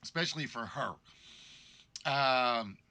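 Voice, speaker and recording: This game show livestream host has a cold, and his congested, weakened voice shows it as he rambles through an apologetic story about being sick in a casual chat. He speaks slowly at a medium pitch, expressive, bright, and forceful.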